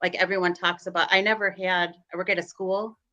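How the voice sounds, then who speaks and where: A woman with a Chicago accent chats as a stream guest, her voice bright and forward and sitting a little low for a woman. She rambles, piling up "um"s and restarts as she tells her stories. She comes through on a video call. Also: flat delivery, fairly quick, lo-fi sound. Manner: rambling, filler-heavy storytelling. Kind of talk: casual chat on a live stream.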